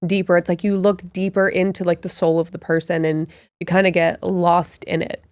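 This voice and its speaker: Reflective woman with a smooth voice. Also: on the low side, flat delivery, normal speed, no room sound, studio quality. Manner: reflective, frequent "like" fillers. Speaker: podcast co-host. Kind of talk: casual conversational storytelling.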